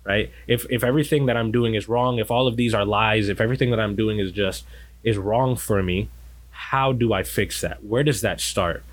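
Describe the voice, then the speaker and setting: Male co-host, deep voice, reasons aloud with questions. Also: normal speed. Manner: explains step by step, asks rhetorical questions. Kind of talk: casual faith talk.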